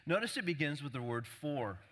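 A male pastor preaches with a bright, forceful voice that rises in pitch when he builds his point. He hammers key words over and over. His voice rings in a church sanctuary with a long reverb tail. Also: expressive, fairly quick. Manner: emphatic, repeats key words, builds intensity. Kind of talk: sermon.

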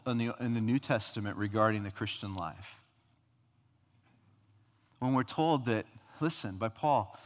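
A man's voice: medium pitch, fairly bright tone, in a large hall. A man preaching a sermon, earnestly acting out God and the prophet in dialogue. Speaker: pastor.

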